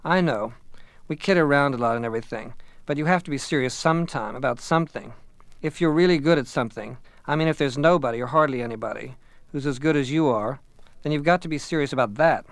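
A man's voice: mid-range voice, quick pace, no echo, lightly acted. A man reading the part of a confident, easygoing teenage boy athlete, speaking in a simple, casual, offhand way. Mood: earnest.

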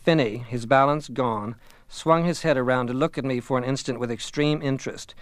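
Man reading an audiobook, calm reflective first person, clean smooth voice, middle pitch. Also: moderate pace, no room sound. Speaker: audiobook narrator. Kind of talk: scripted first-person narration.

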